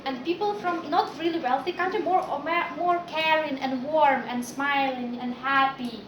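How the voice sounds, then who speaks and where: A woman's voice: high-pitched, unhurried, fairly bright tone, a little hiss or hum. Chatty woman in an echoey classroom. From Ukraine. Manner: chatty, anecdotal, many "like" and "yeah" fillers. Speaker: guest speaker. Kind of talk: informal talk to a class.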